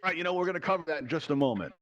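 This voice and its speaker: Quick, upbeat male game show host, slightly high, chatty and jokey on a headset mic. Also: lively intonation, fairly bright tone, lo-fi sound. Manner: upbeat showman, chatty, playfully stalling with jokes. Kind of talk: live virtual-reality game show hosting.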